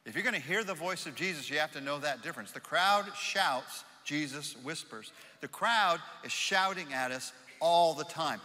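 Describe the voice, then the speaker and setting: Dynamic pastor, shouting to whispering. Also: male voice, a little high, animated, moderate pace. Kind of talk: sermon. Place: church auditorium. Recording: reverberant church hall.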